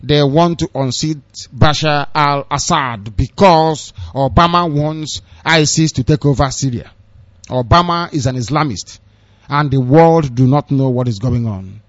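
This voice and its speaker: A man's voice: on the high side, no echo. A man with a Nigerian accent giving a scornful, impassioned rant of political news commentary, with sarcastic asides. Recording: dull, dry lo-fi recording.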